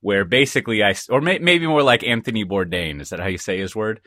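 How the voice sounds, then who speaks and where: A man's voice: fairly low pitch, expressive, fast talker, a bit bright, no room sound, clean studio sound. A man co-hosting a podcast in casual chat, telling rambling, jokey stories full of asides. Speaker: podcast co-host. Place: lives in Texas.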